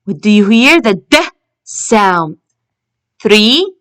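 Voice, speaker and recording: A woman teaching an English phonics lesson, repeating each word slowly and stretching out its ending. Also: medium pitch, very animated, a bit bright.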